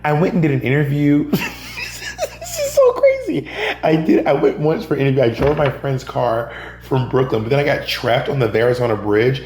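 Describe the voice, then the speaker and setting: A drag performer and comedian from Georgia, USA, guests on a podcast, animatedly telling stories in a casual interview and acting out other people's lines. His medium-pitched voice is sing-song and a little mellow at normal speed, recorded with roomy echo and a faint hum.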